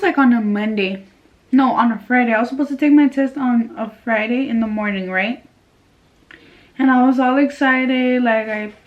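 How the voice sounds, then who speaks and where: A woman's voice: on the high side, lo-fi sound. A young woman from California telling a casual storytime, chatty and swearing freely as she acts out what people said. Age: young adult. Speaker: vlogger.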